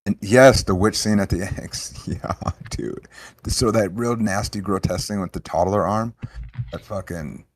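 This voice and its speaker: A man's voice: fairly low pitch, a little slow. A young man hosting a casual livestream chat, swearing freely and ranting in rambling bursts. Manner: profane, rambling, animated rants. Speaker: show host.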